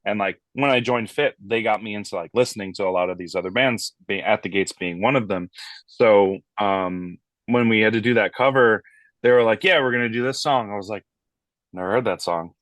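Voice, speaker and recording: Animated, profane metal vocalist, dry sound. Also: male voice, fairly low pitch, brisk, no room sound. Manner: animated storyteller, swears freely, acts out quoted voices. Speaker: metal band vocalist, guest. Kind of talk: casual interview chat.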